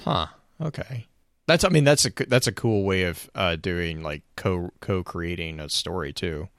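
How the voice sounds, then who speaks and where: A man with a low, deep voice chats casually as a podcast co-host. He talks with enthusiasm, restarting his sentences often as his thoughts run ahead. The sound is dry and close. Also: moderate pace, fairly bright tone, no room sound. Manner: enthusiastic, rambling with frequent restarts. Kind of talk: casual chat.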